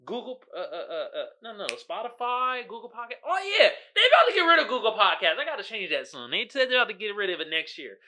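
A male podcast host riffs casually with his listeners. His voice sits high and swings widely in pitch. The tone is bright and sharp. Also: quick pace, hardly any pauses. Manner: animated, joking, talks to the audience as "y'all". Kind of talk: casual solo podcast chat.

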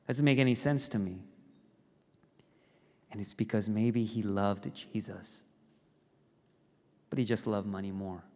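A pastor giving a conversational sermon, telling stories with animated rises and quiet, earnest drops. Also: male voice, lowish voice, measured pace, pauses often. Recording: reverberant hall.

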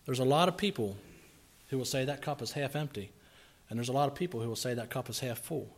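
Speaking fast in a medium-pitched voice, a preacher acts out grumbling voices and fires off rhetorical questions. His sermon lurches from hushed asides to loud outbursts.

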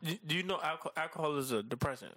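A man in a casual chat, teasing his friend and laughing often between quick asides. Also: on the high side, expressive, fairly bright tone, no echo.

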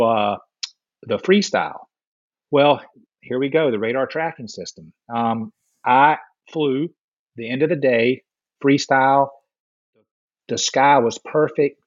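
A man's voice: medium pitch, dry recording, lo-fi sound. A man in casual chat, animatedly telling a story and acting out what others said. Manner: animated storyteller, acts out quotes.

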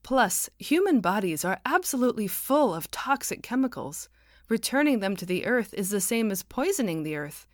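A patient, idealistic woman explains things in an earnest storybook voice, read by a woman. Her tone is kindly and even, recorded dry. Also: on the high side, normal speed, dry recording, pitched above the performer's own voice.

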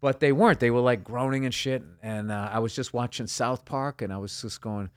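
A man's voice: mid-range voice, fairly quick. Profane, rambling male storyteller. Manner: profane, rambling, acts out quoted voices. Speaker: guest comedian. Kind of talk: casual interview storytelling.

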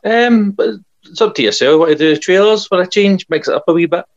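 A man's voice: high-pitched, fairly quick, lo-fi sound. A Scottish man co-hosting a podcast, telling chatty stories and laughing often. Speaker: podcast co-host. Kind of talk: casual chat.

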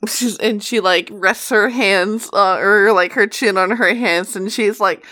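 A woman playing a tabletop game, describing her character in a relaxed, casual way. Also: medium pitch, a little slow, hardly any pauses, dry recording, clean studio sound. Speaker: player.

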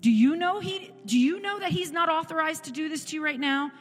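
Woman in her 40s preaching a testimony, fairly high voice, echoey church, music faint behind. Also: fairly quick, a bit bright. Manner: impassioned, rhetorical questions, repeats phrases. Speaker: church speaker giving testimony. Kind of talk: sermon testimony.

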